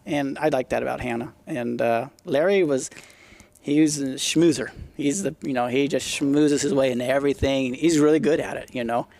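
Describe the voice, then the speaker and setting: In a casual storytelling interview, a retired motocross racer in middle age guests on a podcast, blunt and profane as he acts out quotes. He speaks at a moderate pace in a mid-range voice that is creaky and a little mellow, with no echo.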